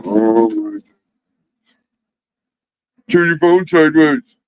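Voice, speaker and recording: A man's voice: on the high side, lively intonation, extremely slow, no echo. A man hosting a casual livestream, rambling and swearing as he talks back to his chat. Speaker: livestream host. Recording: dull, lo-fi dry sound.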